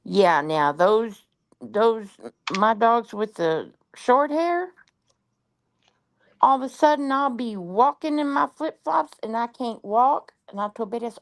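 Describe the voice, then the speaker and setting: A woman with a gravelly, creaky voice tells everyday anecdotes in casual chat. Her pitch sits a little high and moves around a lot. The sound is dry, with no room echo. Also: animated, unhurried.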